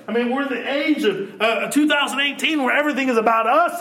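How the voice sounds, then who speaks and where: A man preaching a sermon in a church, animated and shouting at times, then dropping to a hush. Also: extremely high pitch, fast talker, hardly any pauses. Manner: animated preaching, swinging from loud to hushed. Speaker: pastor. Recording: echoey church room.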